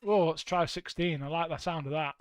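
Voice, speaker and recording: A man's voice: a little high, steady tone, fairly quick, background noise. A young man in a home music studio, chatting casually to his stream while building a track, rambling with jokey asides. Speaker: band member streaming music production. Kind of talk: casual livestream chat while producing.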